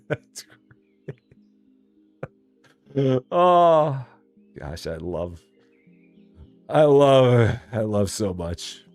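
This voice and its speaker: A man's voice: extremely slow, faint music behind. A man chatting casually and joking as he live streams a store simulator game, rambling and laughing. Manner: jokey, rambling, laughs often, lively swings in pitch.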